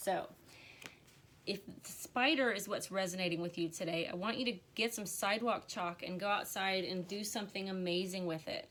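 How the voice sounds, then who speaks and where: A woman's voice: mid-range voice, a bit bright. A woman giving an earnest, encouraging tarot reading on a live stream, on the verge of tears at times. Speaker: tarot reader.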